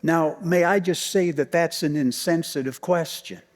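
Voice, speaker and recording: A male pastor preaching a storytelling sermon, swinging from loud emphasis down to near-whispers and repeating key phrases. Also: on the high side, a little slow, big-room sound. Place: church sanctuary.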